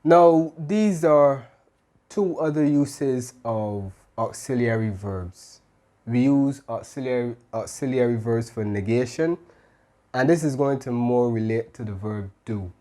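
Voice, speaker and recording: A man's voice: medium pitch, lively intonation, measured pace, warm tone. A man teaching an English grammar lesson, explaining step by step and often checking in with "right?".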